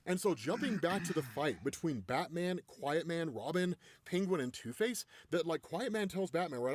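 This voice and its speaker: A man recaps a comic story in a casual, lively way, his pitch swinging up and down. His voice sits a bit high. The sound is dry and close. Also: fairly quick, few pauses, dry recording. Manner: animated, keeps asking "right?".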